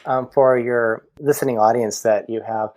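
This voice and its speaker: A man's voice: mid-range voice, fairly even intonation, normal speed, a little mellow, no echo. A man working as a medium, a podcast guest telling stories in a chatty way over a video call from home, often repeating his words. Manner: chatty storyteller, frequent repetitions. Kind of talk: casual conversation.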